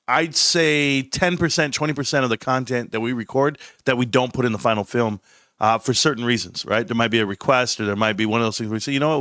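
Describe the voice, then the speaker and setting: A man's voice: medium pitch, fairly bright tone, no room sound, studio quality. A middle-aged man hosting a livestream, blunt and rambling, often breaking off mid-sentence. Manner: blunt, rambling, self-interrupting. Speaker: stock livestream host. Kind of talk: casual livestream commentary.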